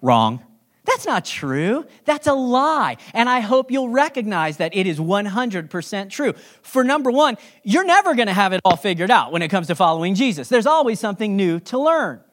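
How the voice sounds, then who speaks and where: A pastor delivering a sermon in an easy, talk-to-you manner, with jokes along the way. The voice sits at a middling pitch and hits words with sudden bursts of emphasis. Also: big pitch swings, moderate pace. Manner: conversational and joking, with sudden emphatic stresses.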